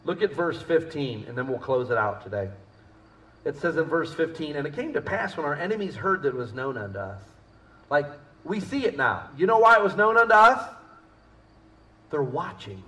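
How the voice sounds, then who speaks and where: High-voiced man preaching in an echoey room. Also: normal speed, far from the mic. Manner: animated preaching, shifting between quiet asides and loud emphasis. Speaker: pastor. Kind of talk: sermon. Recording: echoey room, voice off-mic with faint ambience.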